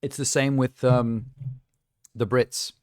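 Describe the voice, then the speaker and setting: A man's voice: medium pitch, fairly even intonation, slow, darkish tone, dry recording. A young man live streaming, chatting casually and rambling with self-amused asides while reacting to trailers.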